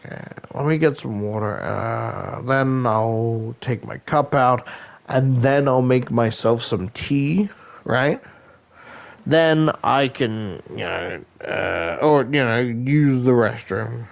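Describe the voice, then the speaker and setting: A man's voice: mid-range voice, slow pace, creaky, lo-fi sound. A young man chatting casually late at night, tired and loopy, rambling and self-mocking, filling his talk with "like" and "right?". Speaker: gaming video creator.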